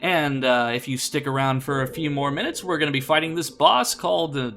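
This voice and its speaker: A man's voice: on the high side, brisk, fairly bright tone. A young man putting on his old radio DJ voice, announcing like a classic-rock show host. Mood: announcer-bright. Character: male classic-rock radio DJ, upbeat and smooth. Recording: game music behind the voice.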